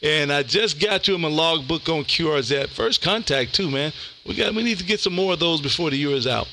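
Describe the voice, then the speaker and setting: A man's voice: on the high side, lively intonation, fairly quick, pushed and bright, a little hiss or hum. A man, a ham radio operator chatting casually on air and calling CQ, laid-back and saying "man" a lot. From Texas. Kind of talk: casual radio chat and CQ calls.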